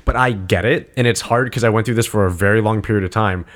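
A man's voice: fairly low pitch, quick pace, fairly bright tone. Young man telling rambling bar stories. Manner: rambling storyteller who acts out quoted voices. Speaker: podcast co-host. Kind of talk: casual podcast chat.

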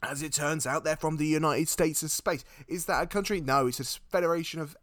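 Fields: Man. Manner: animated, jokey. Pitch: fairly high. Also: brisk, dry recording, studio quality. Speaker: podcast co-host. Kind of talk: comedic storytelling.

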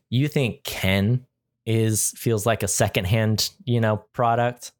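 A man's voice: lowish voice, steady tone, slow. A man co-hosting a casual movie chat, enthusiastic and rambling with lots of fillers. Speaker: podcast co-host.

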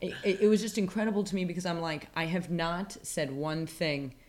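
A woman's voice: fairly low pitch, fairly even intonation, moderate pace. A woman co-hosting a casual podcast chat, ranting with heavy profanity and sarcasm. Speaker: podcast co-host.

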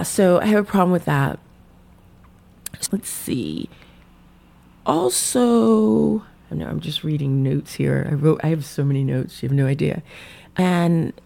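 Chatty woman with a gravelly low voice. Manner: chatty and animated, heavy use of "like"; puts on quick voices when quoting people. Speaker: podcast host. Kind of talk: casual chat, recapping a reality show.

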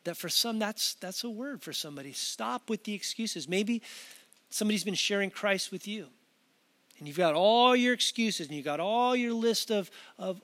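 A male pastor with a noticeably high voice, preaching to a camera in a conversational, earnest way. He often restarts his sentences and slips in casual asides. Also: fairly bright tone. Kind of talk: sermon delivered to a camera.

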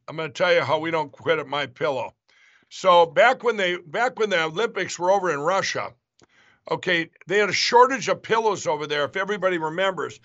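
A man's voice: on the high side, bright, forceful tone. A man hosting a show, telling a long story in a casual, rambling way with many restarts and asides. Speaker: show host. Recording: dull lo-fi sound.

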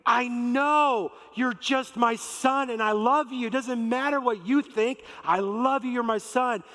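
A man's voice: extremely high pitch, measured pace, sharp tone, voice pushed up, heavily acted. A man voicing a loving father who welcomes his lost son home, in an earnest, reassuring way. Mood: tender. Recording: reverberant large hall.

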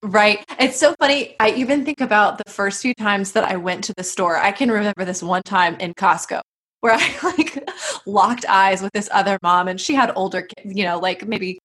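A woman hosts a casual interview, asking questions and sharing stories. Her voice has a soft, breathy edge. She laughs often and drifts through fillers. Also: medium pitch, moderate pace. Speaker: podcast host and midwife.

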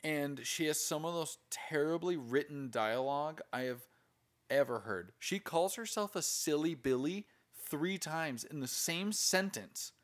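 A man in casual conversation, talking bluntly and with a lot of swearing as he picks apart a film. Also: fairly high pitch. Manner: profane, blunt and critical. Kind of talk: casual movie chat.

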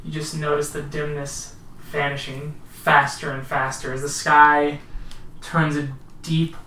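A man's voice: a little high, little pitch movement, sharp tone, a little hiss or hum. Man, tabletop storyteller, atmospheric narration, echoey room, faint ambience. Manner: slow, atmospheric scene-setting. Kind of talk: narrating a tabletop horror game. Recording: roomy, distant mic.

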